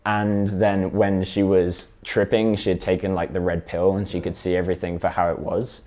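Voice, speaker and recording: Young male guest, low-pitched, candid and halting, storytelling, acts out quotes. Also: little pitch movement, dark tone. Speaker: podcast guest. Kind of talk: casual storytelling.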